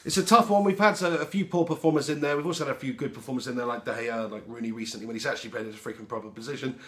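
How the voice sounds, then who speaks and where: A young man with a heavy head cold, answering fan questions in a lively, sweary vlog. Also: mid-range voice, rapid-fire. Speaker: football fan vlogger. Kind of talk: casual Q&A vlog.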